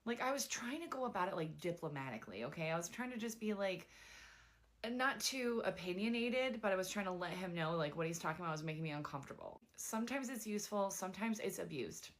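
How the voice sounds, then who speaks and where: A young woman casually telling a dating story, chatty and animated, with lots of "like" fillers. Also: fairly low pitch, quick pace.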